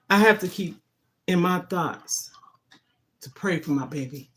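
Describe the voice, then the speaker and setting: A woman's voice: on the low side, measured pace, long pauses, fairly bright tone, a little hiss or hum. Woman, middle-aged, livestream host, casual chat, emphatic, keeps saying okay.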